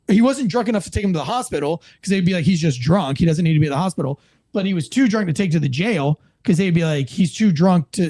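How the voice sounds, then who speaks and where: A police officer telling a story in casual chat, animated and swearing, acting out the voices of the people in it. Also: male voice, fairly high pitch, dry recording. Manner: animated, acts out quoted voices; swears casually, many fillers.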